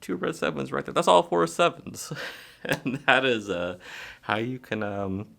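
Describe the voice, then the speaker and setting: A man casually explaining a card trick in a relaxed, chatty way as a magic tutorial host. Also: mid-range voice, a little slow, creaky. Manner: relaxed and chatty, with fillers and small laughs.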